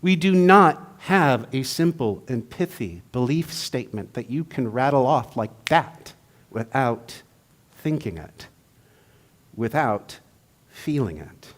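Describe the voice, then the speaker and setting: A man's voice: mid-range voice, sing-song, slow. A man giving a humorous sermon, telling jokes in a playful, storytelling manner. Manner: playful, joke-telling, then reflective.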